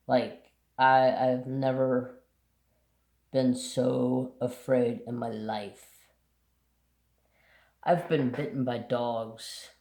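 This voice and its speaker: Slow-talking man in an echoey room. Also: mid-range voice. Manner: relaxed, rambling, swears casually. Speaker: craft channel host. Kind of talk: casual storytelling while painting. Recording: roomy echo.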